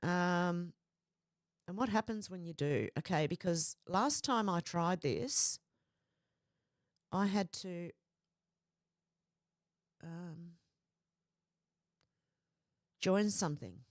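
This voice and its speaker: A woman chats casually on a livestream, greeting viewers one by one. Her voice is a little croaky since she is feeling unwell. The sound is dry and close, with no room around it. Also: lowish voice, very slow, long pauses, no echo. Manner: chatty, greets viewers by name. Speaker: livestream host. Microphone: headphones with mic.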